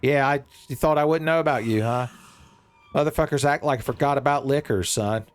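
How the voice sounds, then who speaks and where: A man giving casual, jokey let's-play commentary, rambling and breaking into excitable outbursts. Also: medium pitch, brisk. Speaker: gaming streamer.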